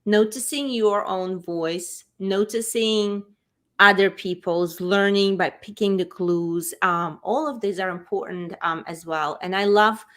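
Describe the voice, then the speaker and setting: A woman's voice: mid-range voice, a little slow. A woman hosting an interview podcast, responding enthusiastically and affirming her guest, with frequent fillers. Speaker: podcast host. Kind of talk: interview conversation.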